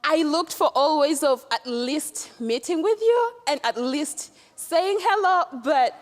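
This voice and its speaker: A young woman from Uganda asking a question from the audience, excited and hesitant, with many fillers. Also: sits high, slow, in a large hall.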